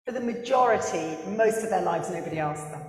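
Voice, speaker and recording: A woman author speaking on a book festival panel, animated, with quick asides and laughter at her own stories. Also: mid-range voice, faint music behind. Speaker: author and historian. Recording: echoey hall with long reverb.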